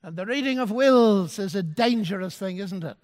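A man preaching a sermon and telling a story, quoting the dialogue in a softened voice. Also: sits high, lively intonation, normal speed, in a large hall.

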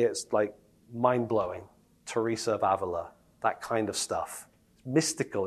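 A man delivering a sermon in a chatty, animated way, his voice sitting in a middle pitch. He keeps tossing rhetorical questions at the room and answering them himself. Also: a little fast. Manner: lively, conversational, asks the audience rhetorical questions. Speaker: preacher.

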